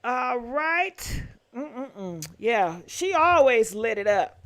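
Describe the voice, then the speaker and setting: A woman with a high, bright voice hosts a live gossip call-in show. She speaks slowly and chats in an encouraging way with her callers. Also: big pitch swings. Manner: chatty, encouraging toward callers. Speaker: gossip channel host.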